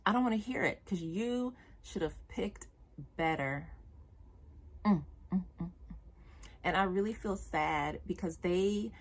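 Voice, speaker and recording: A woman's voice: fairly low pitch, measured pace, pauses often. A young woman vlogger giving blunt, exasperated commentary about dating, with slang and profanity. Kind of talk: direct-to-camera commentary.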